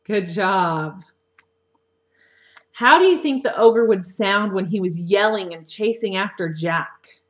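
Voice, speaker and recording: A woman teacher gently leads young children through a story with patient questions. Her pace is very slow and her pitch sits in the middle. The sound comes through a simple webcam microphone. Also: lively intonation. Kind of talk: read-aloud lesson for young children.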